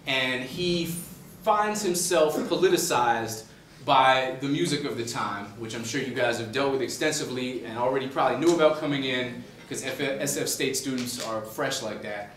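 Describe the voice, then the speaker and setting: A man's voice: mid-range voice, normal speed, fairly bright tone, slight background noise. A man from the Boston suburbs, an author speaking to a university class, telling a story in a conversational way with many fillers. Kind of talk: humorous storytelling lecture. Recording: echoey room, distant mic, faint ambience.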